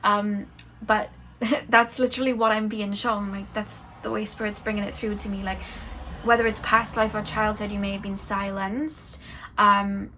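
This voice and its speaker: Slow, dreamy young woman reading tarot. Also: medium pitch, flat delivery, pushed and bright, slight background noise. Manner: slow, dreamy, musing channeling talk. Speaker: tarot reader.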